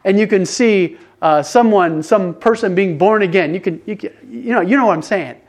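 An older man preaching to his congregation in a conversational, animated way, often restarting his sentences and getting excited. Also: sits high, normal speed. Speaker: pastor. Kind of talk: conversational sermon.

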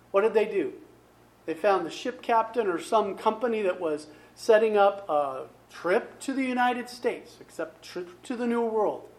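A man preaching a sermon in a conversational way, often asking his listeners rhetorical questions. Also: sits high. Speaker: pastor.

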